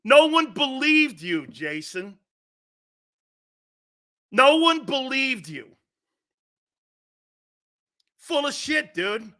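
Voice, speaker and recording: A middle-aged sports talk host in full rant, his voice pitched high and edged with a bright, sharp tone. He is blunt and profane, and he hammers the same point again and again. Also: very animated, takes it slowly.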